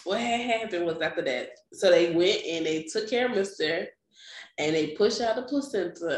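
A woman's voice: lowish voice, normal speed. A young woman chatting casually, telling a story with lots of laughter and acted-out voices. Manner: animated storytelling, laughing often, acting out quoted voices. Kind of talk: casual chat. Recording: echoey room.

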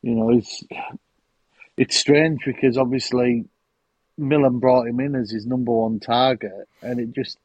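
A man's voice: mid-range voice, steady tone, measured pace, a little mellow, no echo, lo-fi sound. Man co-hosting a podcast on a dry mic. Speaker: podcast co-host. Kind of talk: casual football chat.

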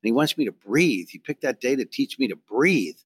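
A middle-aged man telling a story in casual chat, animated and self-mocking, acting out what others said. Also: medium pitch, fairly quick, no echo, studio quality. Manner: animated, swearing, self-mocking, acts out quotes. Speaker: podcast guest telling a story.

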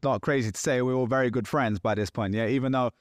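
A man's voice: medium pitch, fast talker, no echo, studio quality. A man co-hosting a podcast in casual chat, talking animatedly and acting out quoted exchanges. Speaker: podcast co-host.

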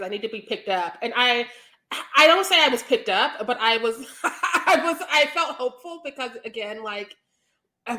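A woman's voice: a little high, pushed and bright. A woman co-hosting a podcast in casual chat, playful and candid, laughing often. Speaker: podcast co-host.

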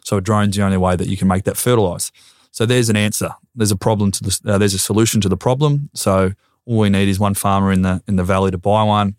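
Earnest Australian man with a low voice. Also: fairly even intonation, fast talker, darkish tone, no echo, studio quality. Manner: earnest and reflective, repeats words while thinking. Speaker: podcast guest, former footballer. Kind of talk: casual conversation.

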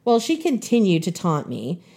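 A woman in her fifties hosting a podcast, telling a personal story in an expressive way. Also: lowish voice, normal speed.

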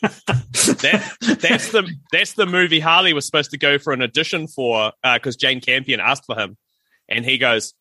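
NZ male co-host, very bright voice, dry close sound, chatty. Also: medium pitch, no room sound. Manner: quick agreeing replies, chatty. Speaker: podcast co-host. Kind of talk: casual chat.

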